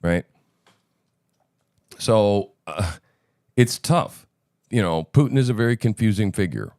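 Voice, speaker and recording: A male show host rants sarcastically and profanely about politics. His voice sits low but swings widely in pitch as he mocks and emphasizes. The delivery is emphatic and heated. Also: expressive, takes it slowly, darkish tone, no echo. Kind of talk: political commentary over clips.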